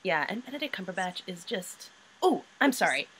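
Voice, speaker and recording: A young woman in her twenties co-hosting a casual podcast chat, chatty and quick to laugh. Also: medium pitch, very animated, fairly bright tone, slightly rough, rough recording. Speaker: podcast co-host.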